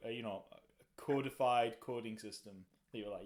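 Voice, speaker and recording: Middle-aged male podcast host, hoarse with a cold, husky and chatty, quick to laugh. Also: medium pitch. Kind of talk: casual chat.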